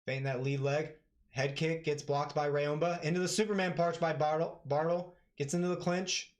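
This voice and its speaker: A man doing live play-by-play commentary on an MMA fight for his stream, talking casually and yelling with excitement at the big moments. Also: on the high side, moderate pace.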